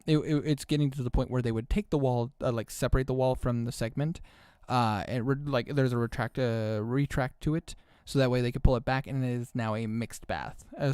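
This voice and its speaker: A man's voice: medium pitch, a little mellow, smooth, no room sound, studio quality. A man running a tabletop game over voice chat, talking casually with lots of fillers and jokes. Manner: rambling, filler-heavy, joking. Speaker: game master.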